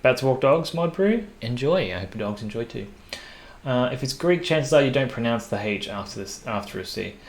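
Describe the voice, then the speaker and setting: A man's voice: mid-range voice, animated, normal speed. A man streaming live, chatting casually and reading lore aloud, rambling, swearing offhandedly and sounding out tricky words. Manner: laid-back and swears casually.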